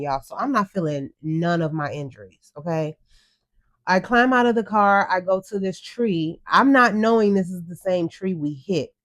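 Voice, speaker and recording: Low-voiced woman retelling an ordeal. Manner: earnest, tearful retelling, quotes herself. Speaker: podcast co-host. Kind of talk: emotional storytelling.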